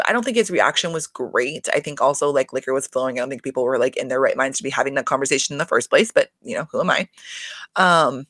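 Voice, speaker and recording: Recap host, dry close sound, gravelly fry, foul-mouthed and chatty, speaks straight to the audience. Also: mid-range voice, fairly bright tone, dry recording. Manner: chatty, profane, frequent filler "like"; addresses listeners directly. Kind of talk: casual solo recap chat.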